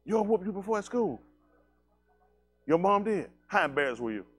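A man preaching to his congregation in a blunt, animated, conversational way, using slangy speech, asking listeners questions, and often laughing. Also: sits high, brisk, husky. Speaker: pastor.

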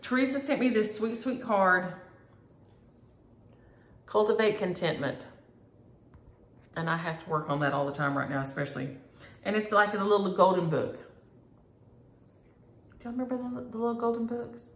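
A middle-aged woman, chatting homey and warmly to her viewers about stitching and mail. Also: mid-range voice, normal speed, pauses often. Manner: homey, chatty, uses y'all. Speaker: flosstube host. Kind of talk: casual chat to camera. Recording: echoey room.

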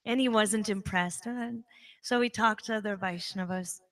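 A woman giving a spiritual talk at a devotional center, telling a personal story in an emphatic, animated way. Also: medium pitch, moderate pace. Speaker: devotional speaker.

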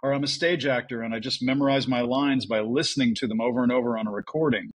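A man who works as a voice actor, telling stories in a casual podcast interview, animated and full of restarts. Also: medium pitch, quick pace, husky, poor audio. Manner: chatty storyteller, animated with restarts. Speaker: voice actor guest.

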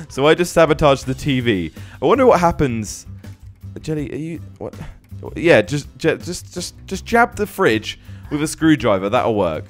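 A man's voice: fairly high pitch, very animated, normal speed, soft background music. A young man casually commenting on a life-simulation game as host, often laughing and exclaiming at what happens on screen. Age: young adult. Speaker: gaming channel host.

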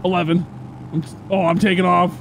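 A man's voice: high voice, flat delivery, fairly quick, gravelly, a bit bright, slight background noise, rough recording. A man playing a game with friends, joking and throwing out mock trash talk. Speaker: fellow player. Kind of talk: casual gaming chat.

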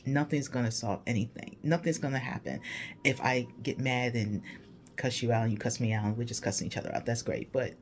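A man's voice: mid-range voice, steady tone, a little fast. Earnest, emotional man speaking to viewers. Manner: emphatic, earnest, declarative. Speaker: English teacher and channel host. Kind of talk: heartfelt direct-to-camera message to viewers.

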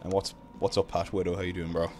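A young Irish man streaming a video game, chatting casually with his viewers between drawn-out ums. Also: sits low, little pitch movement, dark tone, soft background music. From Ireland. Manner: laid-back, drawn-out ums, greets chat. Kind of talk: casual live-stream chat while gaming.

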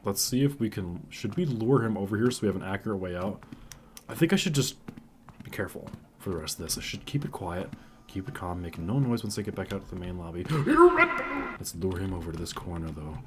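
Male horror-game streamer, hushed-to-panicked, swears and jokes to chat, wild pitch swings. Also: animated, quick pace, slight background noise. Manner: hushed and careful, then yelling in panic. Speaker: gaming video creator. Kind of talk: horror game let's-play commentary. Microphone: desk mic.

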